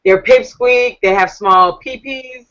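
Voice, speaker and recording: A woman's voice: medium pitch, slow, fairly bright tone, muffled recording. A woman co-hosting a video call interview, asking chatty, teasing questions and playing to her viewers. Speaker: talk show co-host.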